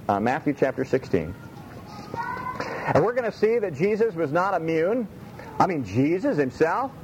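A man preaching a sermon in a folksy, animated way, repeating his phrases for emphasis. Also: high voice, lo-fi sound, slight background noise. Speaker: pastor.

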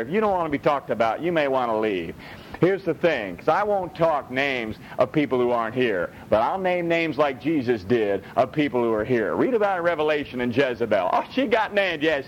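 A male pastor preaching a sermon, blunt and animated, swinging between high and low. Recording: dull lo-fi with faint rumble.

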